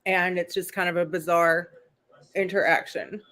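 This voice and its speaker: A woman's voice: lowish voice, flat delivery, moderate pace, a bit bright. Female host, casual live-stream recap, chatty and rambling, laughing asides.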